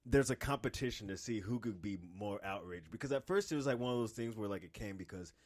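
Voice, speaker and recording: A man's voice: on the low side, lively intonation, darkish tone. A man co-hosting a podcast, an amateur comedian talking in a profane, emphatic and casual way. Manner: profane, emphatic, quick to laugh.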